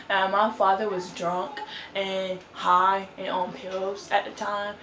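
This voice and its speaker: A woman's voice: medium pitch, completely flat delivery, normal speed, a bit bright, slight background noise. A woman vlogger telling a story in a casual, rambling way, full of fillers and restarts. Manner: rambling, filler-heavy with frequent "like" and "um". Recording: roomy echo with faint ambience.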